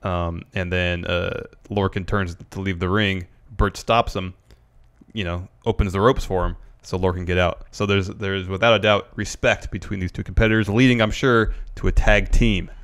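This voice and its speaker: A young man co-hosting a casual wrestling review podcast, talking in a measured, analytical way and steering the conversation. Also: deep voice, steady tone, a bit bright, clear, resonant tone. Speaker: podcast co-host.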